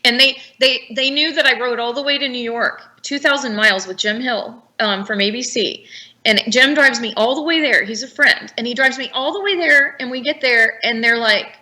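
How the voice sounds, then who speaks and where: A woman's voice: on the high side, normal speed, sharp tone. A woman guest telling her story in an interview, blunt and indignant, rambling from one grievance to the next. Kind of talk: emotional personal account.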